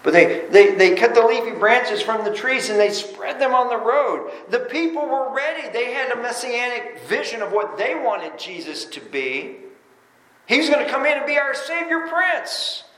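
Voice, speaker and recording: A man preaching a sermon in a church, animated, swinging between loud bursts and quiet asides and often repeating words as he restarts. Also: very high voice, normal speed. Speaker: pastor. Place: church sanctuary. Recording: roomy echo.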